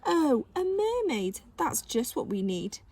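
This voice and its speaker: A woman's voice: fairly high pitch, expressive, moderate pace, a little mellow, recorded from a distance, a little hiss or hum. A woman voicing little mocking seaweed creatures with sneering, sarcastic remarks.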